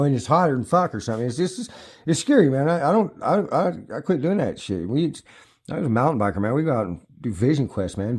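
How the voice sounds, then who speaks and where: A man's voice: medium pitch, darkish tone. Middle-aged male e-biker, loose and foul-mouthed, rambles and stumbles over his words. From United States. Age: 50s. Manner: profane, rambling, restarts often. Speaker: e-bike vlogger. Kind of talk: casual rambling talk to camera. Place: at home near his bikes.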